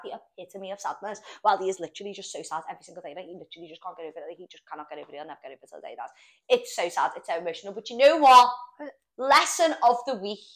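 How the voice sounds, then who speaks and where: A young woman talks fast in a loose podcast chat. Her voice sits a little low, and she keeps tossing in fillers and swear words. She rambles through the story as she tells it. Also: fairly bright tone. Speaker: podcast co-host. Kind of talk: casual chat.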